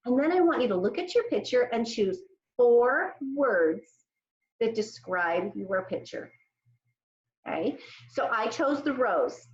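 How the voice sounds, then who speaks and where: A woman teaching an early-grades class over video, cheerful and slowing into a sing-song when she recites lines for the children to repeat. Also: mid-range voice, reverberant, lo-fi sound. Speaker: elementary school teacher. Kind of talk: remote classroom lesson for young children.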